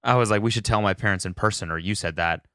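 A man's voice: fairly low pitch, fast talker, sharp tone, smooth, no room sound, clean studio sound. A man chatting as a podcast guest, easygoing and fond of corny jokes. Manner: easygoing, joking, dad jokes. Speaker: podcast guest, host's husband. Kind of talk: casual chat.

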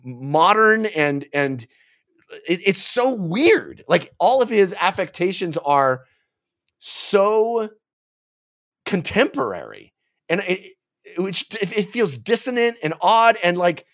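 A man co-hosting a film podcast, ranting in an animated, exasperated way about a movie in casual review chat. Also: high-pitched, slow.

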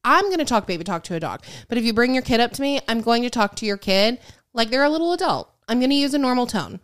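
A woman's voice: on the high side, animated, fast talker, fairly bright tone. A woman co-hosting a podcast, ranting bluntly and swearing freely, acting out quoted people in her stories. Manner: acts out quotes in shifting voices. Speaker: podcast co-host. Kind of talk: casual chat.

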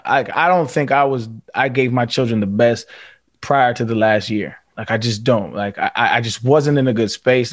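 A man's voice: medium pitch, no room sound. Earnest reflective man, podcast guest, candid chat, dry close mic. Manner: earnest, reflective, often restarts sentences. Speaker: podcast guest, former pro football player. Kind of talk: candid casual conversation.

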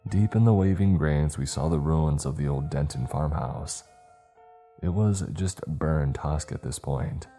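Very deep, slow male horror narrator. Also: mellow, faint music behind. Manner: measured, ominous storytelling.

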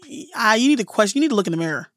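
A woman's voice: medium pitch, lively intonation, racing, fairly bright tone, dry recording, studio quality. A woman guest co-hosting a podcast, chatting casually, giggly and swearing freely as she gives her opinions. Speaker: guest co-host. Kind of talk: casual chat.

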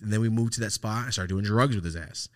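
A man with a somewhat low voice tells a story on his podcast in loose, casual chat. He swears a lot and acts out the voices of the people in it. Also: fast. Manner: profane, animated, acts out voices in his stories. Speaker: podcast host.

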